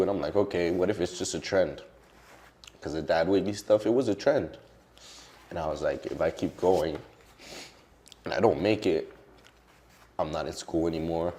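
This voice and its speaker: A man's voice: low-pitched, normal speed, long pauses, dark tone. A young man, a social media creator, talking candidly and emotionally in an interview, with lots of casual fillers. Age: young adult.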